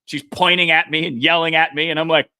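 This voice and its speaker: Bright-voiced man in his forties telling a story. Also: fairly high pitch, level tone, fast, smooth, no echo, studio quality. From Arizona. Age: 40s. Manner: laughs easily, acts out quotes while telling a story. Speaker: podcast co-host. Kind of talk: casual storytelling.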